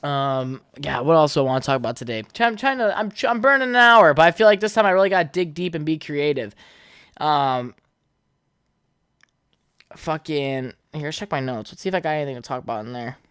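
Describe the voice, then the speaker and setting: A man's voice: on the high side, lively intonation, fairly quick, a bit bright, smooth, no echo. A young man hosting his own podcast alone, rambling casually, swearing a lot and laughing at his own jokes. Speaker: podcast host. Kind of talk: casual solo podcast chat.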